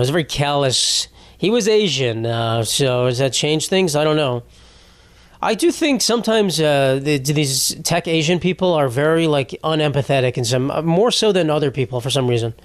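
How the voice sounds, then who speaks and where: A man's voice: fairly high pitch, no echo. A young man in his twenties hosting a podcast, delivering a rambling, profane comedic monologue. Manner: rambling and profane, with frequent restarts. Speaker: podcast host.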